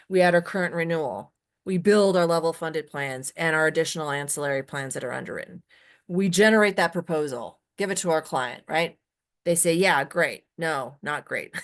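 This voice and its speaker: A woman training users in a software webinar, emphatic and often checking in with "right?". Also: low voice.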